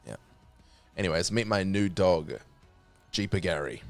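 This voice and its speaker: Man streamer, deep voice, swings up and down a lot, sweary teasing gaming chat. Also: animated, unhurried, soft background music.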